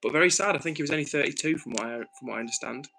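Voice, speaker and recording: Bright-voiced man streaming. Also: on the high side, rapid-fire, gravelly, rough recording. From north of England. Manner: earnest, thinks aloud with frequent ums and restarts. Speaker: livestream host. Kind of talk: casual livestream chat, reading out viewer messages.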